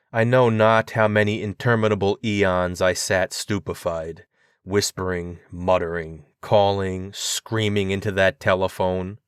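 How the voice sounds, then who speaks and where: A man reading a horror story aloud in a grave, measured narration. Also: low voice, clean tone, no room sound, studio quality.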